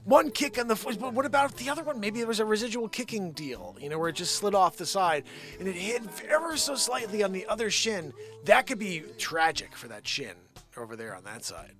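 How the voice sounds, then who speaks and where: A man hosting a live improv comedy show, rambling with giggles and sudden shouted bursts. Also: high voice, sing-song, brisk, faint music behind.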